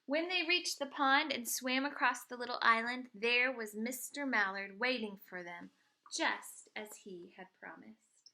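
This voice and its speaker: A woman teacher reads a picture book aloud to young children, lingering to point out what is on each page. Her tone is sharp and bright, set a little high, and her reading is lively and expressive. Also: measured pace.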